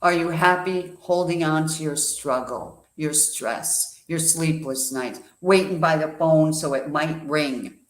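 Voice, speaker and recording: A guest speaker with a fairly high voice gives an emphatic motivational talk, speaking slowly with few pauses. He poses rhetorical questions and tells a parable, in an echoey room.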